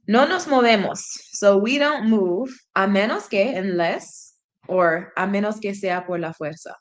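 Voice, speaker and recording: Woman streamer working through a book translation on air, musing and self-correcting. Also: medium pitch. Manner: thinking aloud, self-correcting. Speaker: language learner streamer. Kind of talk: reading aloud and translating.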